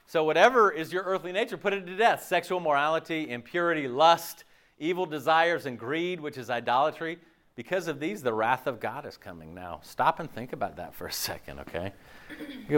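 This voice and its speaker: Animated conversational male pastor. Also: a little high, a little fast. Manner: conversational, animated, acts out imagined listeners' reactions; frequent "okay?" and "like" fillers. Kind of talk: sermon.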